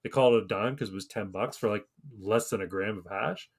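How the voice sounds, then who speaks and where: A man's voice: lowish voice, a little fast, slightly rough. A man in his thirties telling a rambling, profane story on a casual podcast and acting out the voices of the people in it. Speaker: podcast co-host.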